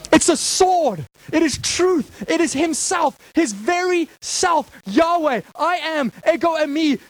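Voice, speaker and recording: Male pastor, high voice, fiery emphatic sermon delivery. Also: dry recording, poor audio. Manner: impassioned, emphatic preaching with rhetorical questions. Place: church hall before a congregation.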